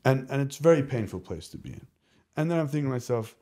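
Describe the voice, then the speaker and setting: A man speaking as a podcast guest, telling candid personal stories in an animated, rambling way, often restarting his sentences. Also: mid-range voice, fast, breathy edge. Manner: animated, rambling, self-interrupting. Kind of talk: candid conversational storytelling.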